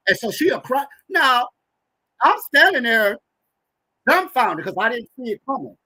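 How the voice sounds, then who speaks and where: A man in his thirties, a guest, telling a personal story with animated acted-out dialogue. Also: very high voice, a little slow, long pauses, no room sound, low-quality recording. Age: 30s. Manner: animated, acts out quoted dialogue. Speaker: guest, organizational psychologist and author.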